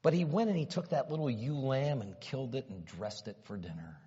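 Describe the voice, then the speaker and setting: A man preaching a sermon, retelling a story dramatically and swinging from hushed asides to loud, rising exclamations. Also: mid-range voice, animated, fairly quick, husky. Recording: dull sound with long reverb in a hall.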